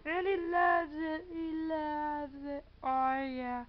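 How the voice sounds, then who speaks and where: A woman's voice: high-pitched, little pitch movement, takes it slowly. A woman filming her cat at home, talking to it in playful, cooing baby talk. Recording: dull lo-fi home camera audio.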